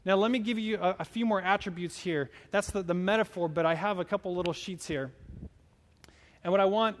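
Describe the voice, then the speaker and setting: A man preaching a sermon in a relaxed, conversational way, telling stories and acting out the people in them. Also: sits high, fairly quick. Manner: conversational, animated storytelling with quoted voices. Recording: long hall reverb.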